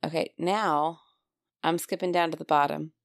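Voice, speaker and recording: A woman with a low, gravelly voice co-hosts a podcast, laughing easily as she reads listener stories aloud. She builds suspense with slow, dramatic pauses. The recording is close and dry. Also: fairly even intonation, no room sound. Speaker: podcast co-host. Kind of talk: casual chat, reading listener stories aloud.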